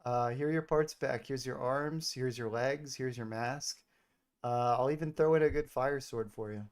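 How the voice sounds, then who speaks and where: A man with a medium-pitched, clear, resonant voice streams at normal speed, casually chatting with an AI character in a game. He's playful and teasing but hesitant, filling his speech with many fillers.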